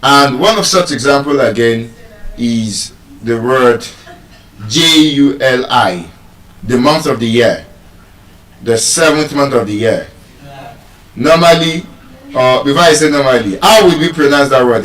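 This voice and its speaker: A man with a Nigerian accent giving a live talk on pronunciation to an audience, playful and teasing, repeating words slowly to drill them. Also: mid-range voice, a bit bright. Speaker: public speaker teaching pronunciation. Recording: echoey hall, voice from far off.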